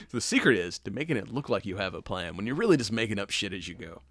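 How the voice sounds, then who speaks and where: Lively, rambling man. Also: fairly low pitch, very fast, no room sound. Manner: rambling, profane, laughing retellings of movie scenes. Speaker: podcast co-host. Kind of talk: casual chat.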